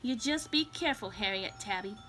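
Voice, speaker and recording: A woman's voice: mid-range voice, animated, fairly quick, bright, forceful tone, slight background noise. A woman voicing Thelma, a young female cat with wings who speaks in a cautious, motherly way. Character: bossy young female winged cat, the careful sister.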